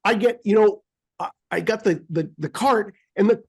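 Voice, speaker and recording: With a high voice, a breathy edge, and a normal speaking speed, this American co-host shares a story in casual chat. He animatedly mimics beeps and acts out how frustrated he got.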